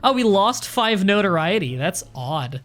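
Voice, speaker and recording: Let's play host: a man with a slightly high voice, chatty and rambling, thinking out loud during casual commentary. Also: big pitch swings, measured pace, soft background music.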